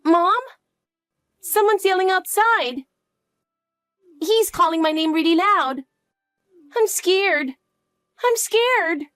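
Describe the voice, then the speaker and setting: A woman voicing a timid, clingy little girl who asks and pleads in a high, eager voice. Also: takes it slowly, pauses often, a bit bright, dry recording, faint music behind, heavily acted. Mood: pleading.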